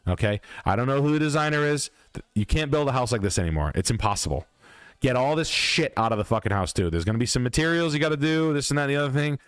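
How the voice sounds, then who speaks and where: A man's voice: medium pitch, quick pace, clear, resonant tone, no room sound. A man hosting a livestream, ranting bluntly and profanely in a casual, emphatic way. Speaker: livestream host.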